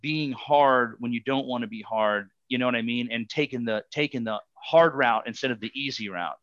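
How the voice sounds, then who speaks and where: Bright-voiced rambling male podcast guest. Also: mid-range voice, moderate pace, dry recording, lo-fi sound. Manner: rambling, filler-heavy storytelling. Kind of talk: casual podcast chat.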